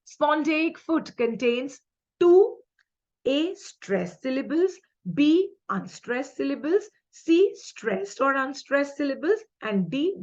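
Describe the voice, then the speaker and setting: Chatty indian english lady teacher doing exam quiz prep, kinda lo-fi muffled audio. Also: high voice. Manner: chatty, mixes in Hindi asides, upbeat. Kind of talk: quiz lesson with explanations.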